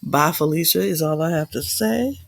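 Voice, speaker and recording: A woman's voice: deep voice, animated, moderate pace, creaky, no room sound. A woman hosting a podcast in a sassy, playful diva manner. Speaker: podcast host. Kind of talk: casual chat.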